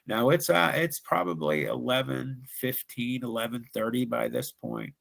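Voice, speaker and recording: Guy from ohio on a live show telling his ghost story, gravelly voice, mid pitch, dramatic and earnest. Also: lively intonation, moderate pace, a bit bright. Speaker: guest telling ghost stories.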